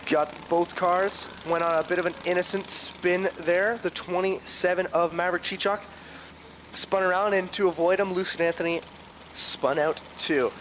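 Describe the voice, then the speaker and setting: A man doing live play-by-play commentary, rattling off a long starting lineup and calling the action. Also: sits high. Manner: rapid lineup roll call, then excited calls. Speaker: race commentator. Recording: noisy trackside broadcast with engine noise.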